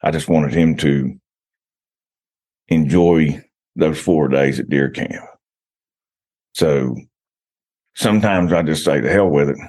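A man's voice: very deep voice, slow pace, long pauses, a little mellow. A man, a guest on a casual podcast, telling stories in a rambling way with frequent restarts.

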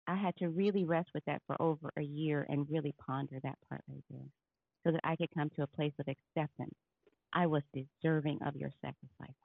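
A woman's voice: low-pitched, fairly even intonation, a little fast, creaky, breathy edge, no echo. A woman calling into an online audio room, giving fervent, faith-filled testimony. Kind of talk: heartfelt testimony. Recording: tinny phone-like line.

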